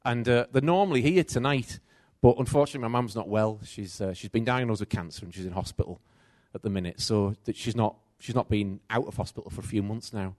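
A middle-aged man preaching a sermon, telling a personal story with animated swings between loud and soft. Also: fairly low pitch, fast talker, few pauses, dry recording, studio quality.

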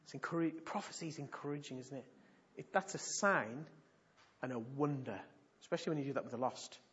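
A man's voice: mid-range voice, brisk, slightly rough. A man preaching in church, a pastor telling stories animatedly and repeating points for emphasis. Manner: animated storytelling, emphatic repetition. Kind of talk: sermon teaching. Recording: dull lo-fi recording.

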